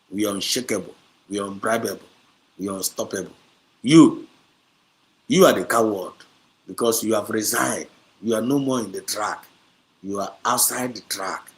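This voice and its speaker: A man's voice: on the low side, normal speed, long pauses. A man with a Nigerian accent hosting a heated livestream, combative and repetitive, switching between English, Pidgin and Igbo. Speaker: livestream host. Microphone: streaming setup.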